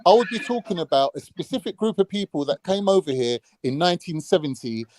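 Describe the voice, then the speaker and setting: A man's voice: fairly high pitch, very animated, fairly quick, background noise. A man arguing his point insistently in a heated online panel debate, talking over others. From Cypriot family in London. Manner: insistent, talks over others, acts out quotes.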